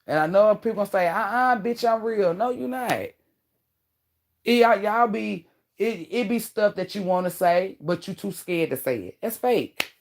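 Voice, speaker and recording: A woman in her thirties giving relationship advice straight to her viewers in a blunt, animated, slangy way, swearing freely. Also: medium pitch, measured pace, gravelly. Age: 30s. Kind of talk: casual advice monologue to viewers.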